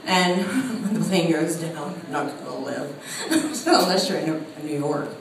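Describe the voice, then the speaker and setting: A woman's voice: sits low, measured pace, background noise. A woman telling a funny spiritual story, laughing often as she speaks. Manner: animated storytelling with frequent laughter. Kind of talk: humorous spiritual talk. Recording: echoey room heard from a distance.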